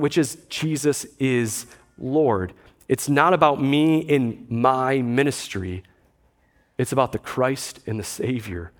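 A man pastor preaching a conversational sermon, with dry asides and quotes he acts out. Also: mid-range voice.

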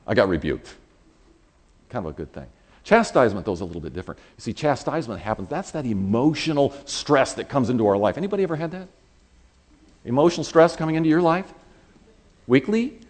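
A man preaching a sermon, conversational and animated, telling a personal story and acting out quoted voices. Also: medium pitch, fast.

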